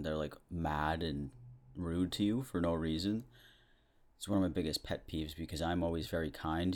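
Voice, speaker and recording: A young man in his twenties hosting a podcast, rambling through a casual comedic monologue and chuckling often. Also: very deep voice. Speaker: podcast host.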